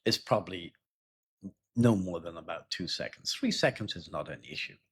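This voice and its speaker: A man's voice: low voice, animated, moderate pace, husky. A middle-aged man teaching IELTS speaking in a chatty way, checking in with "yeah?" and acting out sample dialogues. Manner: chatty, stops to ask "yeah?" and "right?"; acts out sample dialogues in a raised voice. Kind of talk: live lesson talk.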